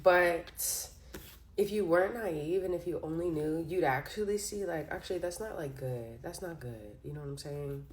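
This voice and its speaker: A young woman chats her way through a tarot reading in a fairly low voice. She giggles and strings her thoughts together with "like" as she lays out the cards. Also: normal speed. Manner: giggly, chatty, full of "like". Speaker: tarot reader. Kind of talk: casual tarot reading monologue.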